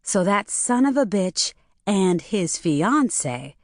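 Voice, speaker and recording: A woman reading an audiobook as narrator, in an even, measured storytelling manner. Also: mid-range voice, no echo, clean studio sound. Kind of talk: scripted narration.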